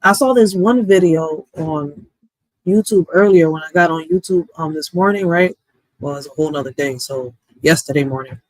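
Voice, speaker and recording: High-voiced guy on a stream, blunt and opinionated, dry close sound. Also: moderate pace, no room sound, rough recording. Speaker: stream co-host. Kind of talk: casual chat. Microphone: streaming mic.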